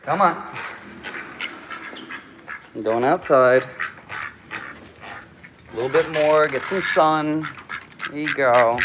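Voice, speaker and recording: A man's voice: a little high, slow pace, pauses often, noisy background. A man hosting a casual livestream, cooing to his pet duck in baby talk and thanking viewers for their comments. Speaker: livestream host.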